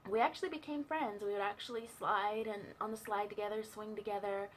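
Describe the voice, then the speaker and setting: A woman's voice: mid-range voice, fairly even intonation, a little fast. A young woman telling a personal story in a chatty, casual way, full of fillers and asides. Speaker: vlogger sharing a testimony.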